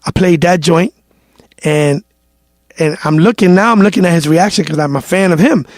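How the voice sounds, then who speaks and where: A man's voice: high-pitched, moderate pace, dry recording, clean studio sound. A man, a DJ telling stories in a casual interview, acting out quotes and swearing freely. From New York. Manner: animated storyteller, acts out quotes, swears freely. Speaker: DJ guest.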